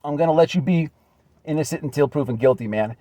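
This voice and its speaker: A man's voice: on the high side, fast, mellow, dry recording. A man giving an earnest, repetitive direct message, often calling the listener "man". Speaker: channel host. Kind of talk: direct address video message.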